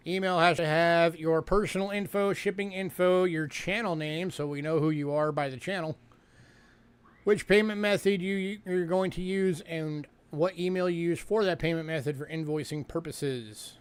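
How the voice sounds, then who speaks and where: A man's voice: fairly high pitch, steady tone, normal speed, clean tone. A man from New York hosting a coin sale livestream, talking casually with fillers and repeated words. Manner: chatty, fillers, repeats himself. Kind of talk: casual livestream sales talk.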